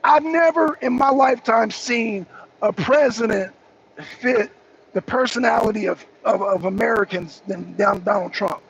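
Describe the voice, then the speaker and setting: A man's voice: high voice, moderate pace, creaky, a bit bright, breathy edge. A man co-hosting a political talk show, arguing heatedly, repeating himself and mocking the people he is answering. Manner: argumentative, repetitive, mocking. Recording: dull lo-fi stream audio with faint noise.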